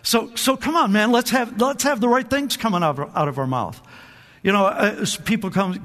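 At normal speed, a pastor preaches an energetic sermon in a high, bright voice that rings out across a big, reverberant sanctuary. He keeps drawing answers from the congregation. He often stumbles, repeating words and starting over.

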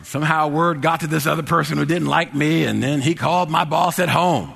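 A man telling a personal anecdote to an audience. He is animated, dropping to low mumbles and rising to loud, excited exclamations. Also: a little fast, gravelly, husky. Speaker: storyteller. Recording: long hall reverb.

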